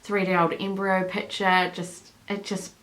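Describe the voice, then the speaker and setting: A woman's voice: medium pitch, flat delivery, measured pace, a bit bright, poor audio. A woman in her thirties from New Zealand, chatting casually to a camera while holding her newborn, rambling and emotional with many fillers. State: holding and breastfeeding a baby. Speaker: vlogger. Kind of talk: casual vlog chat.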